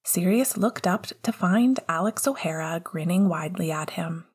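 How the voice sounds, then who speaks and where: Female narrator, whispered intimate read, breathy and low. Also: normal speed. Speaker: audiobook narrator. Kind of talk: soft whispered fan fiction reading.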